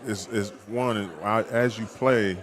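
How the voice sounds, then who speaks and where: An older man from New York with a New York accent, a former basketball player giving a casual interview in a halting way with many repeated words. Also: lowish voice, fairly even intonation, a crowd in the background. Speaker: former NBA player, guest.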